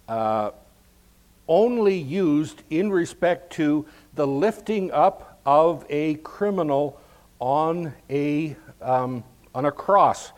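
A man giving verse-by-verse Bible teaching, explaining each passage in a measured way and stressing key words. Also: a little high.

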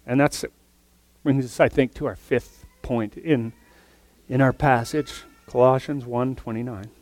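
A man preaching a sermon earnestly, his voice swinging from loud emphatic lines to soft, near-whispered ones. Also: mid-range voice, fairly even intonation, a little slow.

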